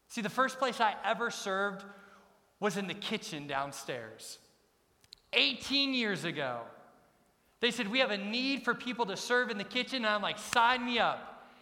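A man's voice: high-pitched, big pitch swings, normal speed, bright, forceful tone. A middle-aged man preaching a sermon as pastor, emphatic and repeating his key lines. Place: church sanctuary. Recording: long reverb of a large church hall.

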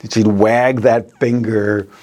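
A man's voice: lowish voice, flat delivery, slow, darkish tone. A man, a priest, preaching a sermon in a storytelling manner and laughing at his own anecdotes.

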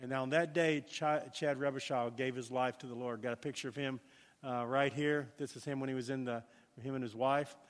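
A man preaching a sermon as pastor, telling a story with lively emphasis and dropping to a hushed tone for prayer. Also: medium pitch, normal speed, big-room sound.

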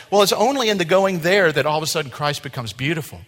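A male pastor preaching a sermon, animated, acting out voices and dropping to a quiet tone at times. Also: on the high side, fast talker, few pauses. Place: church sanctuary. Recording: long hall reverb.

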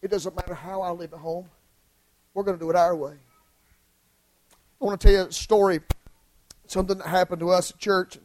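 A male preacher delivering an impassioned sermon in church, swinging from hushed lines to shouted ones. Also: high-pitched, fairly even intonation, fairly quick, long pauses, poor audio.

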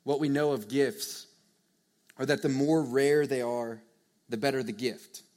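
Young man, sermon, unhurried delivery, earnest conversational tone, drops quiet then builds to loud emphasis. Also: mid-range voice, steady tone. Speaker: preacher. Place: church or meeting hall with a live audience.

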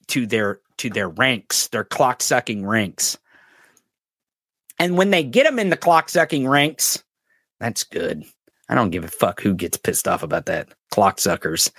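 A man's voice: mid-range voice, fairly bright tone, dry recording, studio quality. A man hosting a political commentary podcast, ranting with heavy profanity and sarcasm. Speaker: podcast host.

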